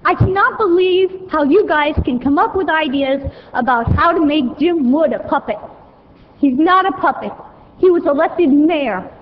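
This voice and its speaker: High-voiced, indignant woman at a podium. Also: lively intonation, normal speed, slight background noise. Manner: indignant, emphatic, pointed. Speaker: public commenter, mother. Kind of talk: public comment at a council meeting. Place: city council chamber. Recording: echoey hall, dull broadcast sound.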